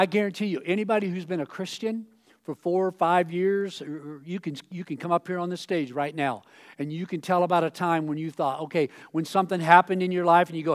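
A man pastor giving a sermon on a church stage in a conversational way, acting out quoted voices with sudden loud outbursts. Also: high voice.

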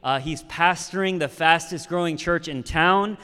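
A man's voice: a little high, normal speed, sharp tone, smooth, big-room sound. A man who is a pastor, preaching a sermon and telling a personal story in an easy, conversational way, with frequent "right?" asides.

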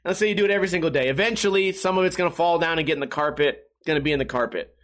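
Profane, sarcastic high-voiced man. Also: racing, fairly bright tone. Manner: self-mocking. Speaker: podcast host. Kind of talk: casual solo podcast chat.

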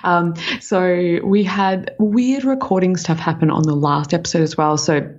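A woman's voice: fairly low pitch, a little slow, darkish tone. A woman co-hosting a casual podcast chat, bubbly and laughing a lot. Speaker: podcast co-host, health practitioner. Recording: dull lo-fi sound.

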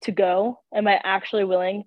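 A woman's voice: medium pitch, level tone, brisk, no room sound. Young woman, stuffy sick voice, rambly podcast chat, tinny phone-ish sound. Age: young adult. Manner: rambling, lots of "like" fillers. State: congested, sick. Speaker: podcast co-host. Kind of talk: casual faith podcast chat.

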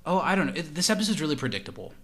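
A man's voice: a little high, very animated, very fast, a bit bright. A man co-hosting a podcast, casually recapping a TV episode scene by scene with dry teasing. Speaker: podcast co-host.

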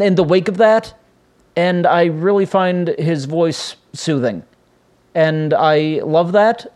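Male podcast host, slightly high voice, casual solo talk, rambling, lots of ums and restarts. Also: a little mellow. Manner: rambling, self-correcting, frequent filler sounds.

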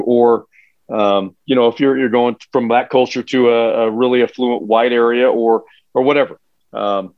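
A man, a high school football coach, telling stories in a casual podcast chat, earnest and emphatic with frequent restarts. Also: no room sound. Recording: dull, dry lo-fi sound.

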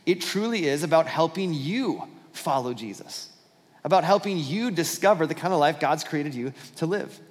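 A man's voice: on the high side, expressive, moderate pace, long reverb tail. A man preaching a sermon as pastor, telling a Bible story with acted-out dialogue and frequent restarts.

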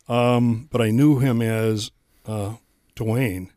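Ministry guy on radio, lots of ums and pauses, dry close mic. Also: mid-range voice, steady tone, warm tone, no room sound. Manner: halting, with many fillers. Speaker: ministry leader, guest. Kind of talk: casual radio interview.

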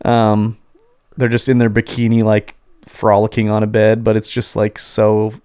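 Smooth-voiced man chatting about games. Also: fairly low pitch, monotone, moderate pace, darkish tone. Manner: rambling, laughing storyteller full of "like" and "dude". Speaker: podcast co-host. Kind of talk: casual chat about video games.

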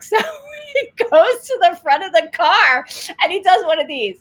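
A middle-aged woman hosting a faith talk show, telling a story with lively energy and frequent laughter. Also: extremely high pitch. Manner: excited storytelling, laughs often, fast animated retelling.

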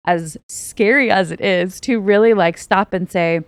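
A woman's voice: medium pitch, unhurried, clean tone, dry recording. A woman co-hosting a church podcast, talking in an earnest, chatty way with lots of fillers. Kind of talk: casual chat.

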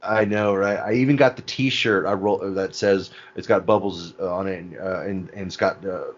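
A man's voice: sits low, fairly even intonation, muffled recording. A man in casual podcast chat who swears, laughs a lot and recounts scenes. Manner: laughing, profane, retells scenes by doing quick voices.

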